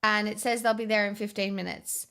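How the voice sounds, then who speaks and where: A woman's voice: medium pitch, little pitch movement, fairly quick, sharp tone, clean tone. A young woman, chatting casually as a vlogger, swearing often and restarting her sentences. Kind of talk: casual storytime chat.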